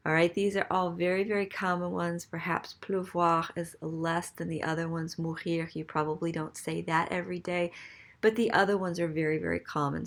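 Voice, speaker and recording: A woman teaching a recorded French grammar lesson, explaining patiently step by step and checking in with "okay?". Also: deep voice.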